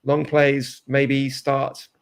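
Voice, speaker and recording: A man's voice: mid-range voice, completely flat delivery, extremely slow, clear, resonant tone. A man coaching live day trading, talking through charts step by step and often checking in with "right?". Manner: explains steps, ends points with "right?". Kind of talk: live market analysis chat.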